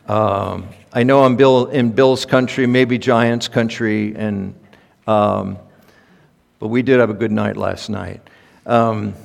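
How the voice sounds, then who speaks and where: A man, a pastor, preaching a sermon in a conversational, halting way full of ums, now and then rising to emphatic peaks. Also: on the low side, gravelly. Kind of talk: sermon with personal stories. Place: large conference hall. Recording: long hall reverb.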